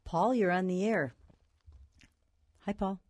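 Woman hosting call-in radio, brisk and chatty, dry close mic. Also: medium pitch, a little mellow, no echo. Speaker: radio host.

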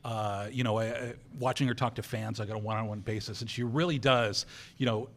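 A man co-hosting a podcast, telling quick anecdotes full of fillers in casual chat. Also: fairly low pitch, fairly even intonation. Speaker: podcast co-host.

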